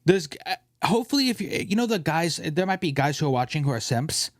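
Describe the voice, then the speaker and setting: A man's voice: fairly high pitch, sing-song, fairly quick, no echo, studio quality. A man hosting a casual podcast, ranting and joking with his co-host, often mimicking other people's voices.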